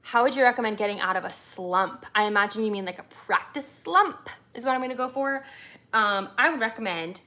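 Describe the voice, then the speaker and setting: A chatty woman from America, a violinist, answers live questions from viewers with plenty of ums and likes. Her voice is bright and forward, and she sits in the middle of a woman's range. She sounds eager and easygoing. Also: medium pitch, brisk. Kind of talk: casual livestream Q&A.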